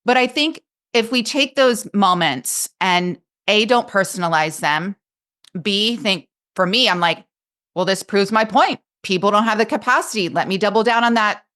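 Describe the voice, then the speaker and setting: A woman's voice: mid-range voice, normal speed, a bit bright. Earnest, emphatic woman coach talking. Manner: earnest, emphatic and openly emotional. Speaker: coach and podcast guest. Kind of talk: casual podcast conversation.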